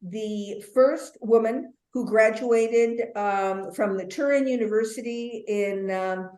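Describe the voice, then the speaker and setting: A woman's voice: fairly high pitch, takes it slowly. A woman leading a wine tasting webinar as instructor, talking in a chatty way with playful asides and plenty of ums. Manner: chatty, warm asides, many fillers. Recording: roomy echo.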